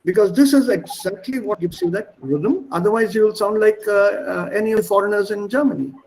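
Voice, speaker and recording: A man's voice: high-pitched, fairly quick, gravelly, darkish tone, poor audio. A middle-aged man with an Indian accent teaching an online class over a video call, explaining at length, repeating himself and spelling words aloud. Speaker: language teacher.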